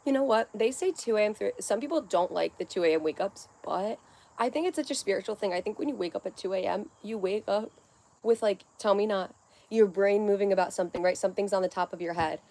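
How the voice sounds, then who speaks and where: Young woman rambling on her livestream from home, jumps topic to topic, mid-pitched voice. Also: quick pace, warm tone. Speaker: livestream host. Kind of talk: casual livestream chat.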